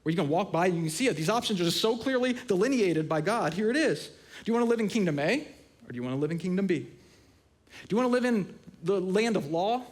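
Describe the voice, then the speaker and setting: A man's voice: high-pitched, fast talker. A middle-aged man preaching a sermon as pastor, telling stories with humor and acting out quotes. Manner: animated, humorous storytelling with acted-out quotes.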